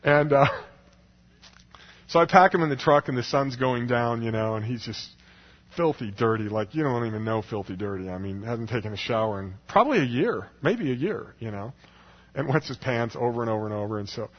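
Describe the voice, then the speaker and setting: A man's voice: medium pitch, expressive, fairly quick, muffled recording. A man telling a personal story to a crowd in a rambling way, full of "you know"s and restarts. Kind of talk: storytelling talk.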